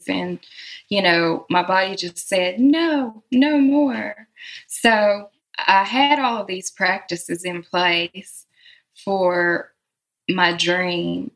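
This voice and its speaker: A woman's voice: fairly low pitch, fairly bright tone. A woman from the South, a musician talking about her life in a heartfelt, reflective interview and laughing often. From Southern United States. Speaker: musician guest.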